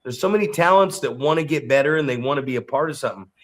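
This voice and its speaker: A man co-hosting a podcast and coaching wrestlers, telling stories in an animated way, repeating words and swearing freely. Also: medium pitch, racing. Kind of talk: casual podcast chat.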